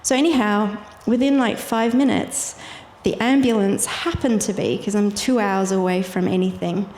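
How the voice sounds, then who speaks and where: A woman's voice: medium pitch, normal speed, a little mellow. Irish woman telling a story in an echoey hall. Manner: vivid, laughs easily while telling. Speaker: guest sharing her testimony. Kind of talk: personal storytelling. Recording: echoey hall with faint noise.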